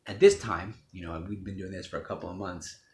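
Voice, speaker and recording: Casting: low-voiced man, raw personal testimony, cursing freely, recorded in an echoey room with faint background noise. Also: steady tone, fairly quick, a little mellow. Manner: blunt and profane, with restarts. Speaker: speaker telling his life story.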